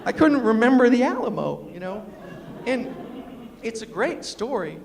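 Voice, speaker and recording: A middle-aged man telling funny stories to a live audience in an animated way, quoting people and asking the crowd questions. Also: very high voice, moderate pace, creaky, a little hiss or hum. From New York City. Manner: animated, quotes people in acted voices, asks the audience questions. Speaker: storyteller and humorist. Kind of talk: comic storytelling talk to a live audience. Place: university lecture hall. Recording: long reverb of a lecture hall.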